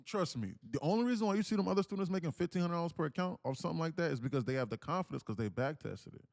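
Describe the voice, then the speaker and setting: His voice is fairly high, with vocal fry, and he races through his words on a live day-trading stream. The man reads chat messages out loud and keeps things animated, casual, full of slang, and occasionally profane.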